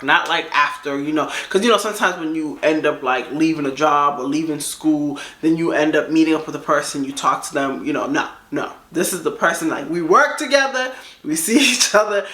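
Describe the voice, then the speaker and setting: A young woman chatting through a storytime, animated and slangy, with a rambling delivery. Her voice is bright and sharp, and the room around her is roomy and echoey. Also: low-pitched. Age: young adult. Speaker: storytime vlogger. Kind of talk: casual storytime chat.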